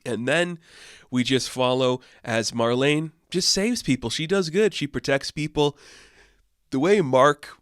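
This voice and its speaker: A man recapping a comic book in an easy, excited chat, peppering his sentences with "like". His voice sits at a middling pitch. The recording is dry and close, with no room sound. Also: no room sound. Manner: enthusiastic, heavy use of "like". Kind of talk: casual chat.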